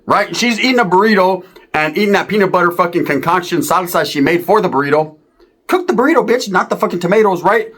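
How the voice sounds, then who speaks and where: A comedian spins a crude family story, rambling and swearing. His voice is fairly high and moves up and down a lot. He ends his punchlines with a quick "right?". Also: animated, a bit bright. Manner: profane, rambling, punchlines with tag questions.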